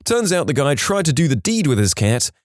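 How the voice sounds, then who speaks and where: A man narrating funny stories as a podcast host, in a wry, deadpan manner with dry comic asides. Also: fairly high pitch, a little fast, no room sound. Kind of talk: scripted storytelling narration.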